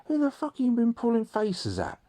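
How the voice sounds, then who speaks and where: A man voicing his angry, swearing father, shouting at his son over a school diary. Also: deep voice, normal speed, dry recording. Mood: furious. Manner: shouting, coarse.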